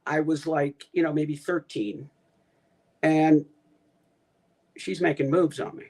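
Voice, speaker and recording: A man's voice: a little high, steady tone, slow, darkish tone, slightly rough. A man co-hosting a casual talk show, chiming in with short questions and his own story. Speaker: co-host.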